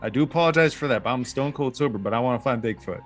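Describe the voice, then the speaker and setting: A man's voice: mid-range voice, very fast, soft background music, voice pushed down, natural voice. A man playing an earnest male Bigfoot hunter who insists he is sober, rambling as he talks. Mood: insistent.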